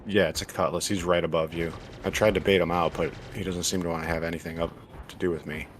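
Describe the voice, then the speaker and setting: Man, very low voice, relaxed gameplay chat, faint hiss behind. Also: quick pace. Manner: relaxed, explains tactics with many fillers and restarts. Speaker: gaming streamer. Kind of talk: casual gameplay commentary.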